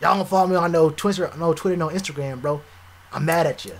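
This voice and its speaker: A young man streaming live, chatting casually with viewers, animated and repetitive, full of slang. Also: on the high side, quick pace. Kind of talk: live stream reaction chat.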